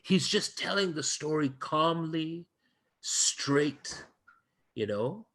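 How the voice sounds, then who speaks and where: A man's voice: on the high side, animated, takes it slowly, fairly bright tone. A male guest lecturer in an interview, retelling a story earnestly and emphatically, often restarting his phrases.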